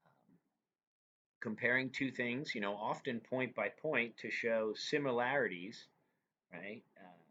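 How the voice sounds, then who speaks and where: A man's voice: medium pitch, a little slow, pauses often, bright, forceful tone. A man teaching a lecture, explaining terms step by step and often checking in with "right?". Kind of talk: recorded classroom lecture. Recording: dull lo-fi recording with faint noise.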